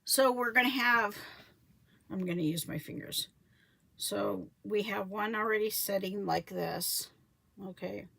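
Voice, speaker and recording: A woman's voice: medium pitch, a little slow, vocal fry. A woman, chatting casually on a live stream about her homestead, rambling and correcting herself as she goes. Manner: rambling, self-correcting, quotes others in lively voices. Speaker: homesteading vlogger.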